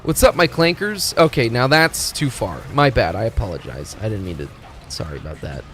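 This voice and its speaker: A man streaming a video game, talking in a rambling, excitable, profane way as he plays. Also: fairly low pitch, moderate pace. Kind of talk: casual gaming commentary. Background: faint game music.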